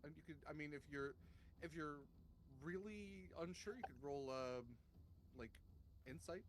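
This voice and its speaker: A man's voice: fairly high pitch, measured pace, noisy background. A man narrating and making rulings as game master of a tabletop game, in an easygoing way.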